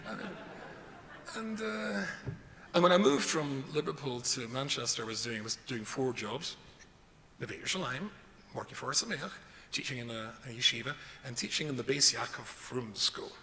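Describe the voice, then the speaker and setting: A man's voice: mid-range voice, moderate pace, creaky, pushed and bright. A middle-aged man, a rabbi giving a jokey, self-deprecating lecture full of stories. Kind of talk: humorous lecture with storytelling. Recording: reverberant hall with faint noise.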